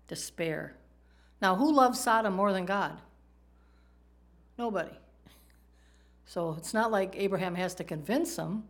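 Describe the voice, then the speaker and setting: Brief: woman preacher with a fairly low voice, teaching sermon with jokes. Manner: teaching, explains Hebrew words, tells jokes.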